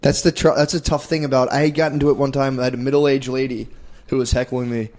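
A man's voice: medium pitch, little pitch movement, fast, a little mellow. A man, a stand-up comic, chatting casually on a podcast, laughing along and swearing easily.

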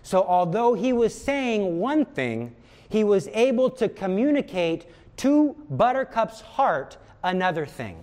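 A man's voice: high voice, sing-song, a little slow, a little mellow. Earnest man teaching prayer with emphasis. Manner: earnest and emphatic, repeats words for stress. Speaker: religious teacher.

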